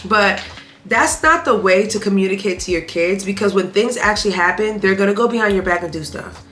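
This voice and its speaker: A woman's voice: medium pitch, brisk, fairly bright tone, slight background noise. A young woman in her twenties telling a personal story on her vlog, candid and emphatic, talking straight to her viewers. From Haitian family. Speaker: vlogger.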